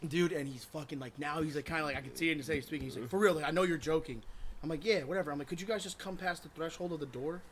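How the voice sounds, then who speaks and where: A young man co-hosting a podcast, tipsy, telling a prank story with loud laughs, swearing and acted-out quotes. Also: a little high, very fast. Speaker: podcast co-host. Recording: noisy home recording.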